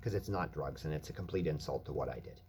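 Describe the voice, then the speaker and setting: A man's voice: extremely low pitch, fast talker, creaky, darkish tone, a little hiss or hum. A man delivering a profane, angry rant as a vlogger, swearing constantly.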